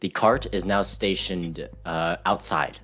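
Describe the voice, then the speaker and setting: A young man narrating as game master of a tabletop game, relaxed and halting with many fillers. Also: low-pitched, soft background music.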